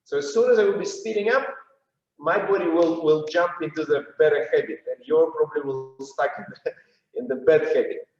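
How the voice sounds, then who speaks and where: Man, Russian accent, dance teacher counting beats; slightly high voice, echoey room. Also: normal speed, a little mellow. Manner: counts and chants rhythm while demonstrating. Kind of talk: dance masterclass instruction. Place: dance studio. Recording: roomy, distant, dull studio sound.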